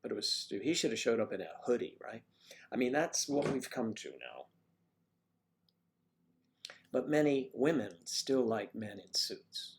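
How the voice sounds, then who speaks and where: A man's voice: medium pitch, big pitch swings, a little slow, pauses often. A man hosting a casual livestream, rambling and chatting with viewers by name as he reads the chat. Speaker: livestream host reading chat.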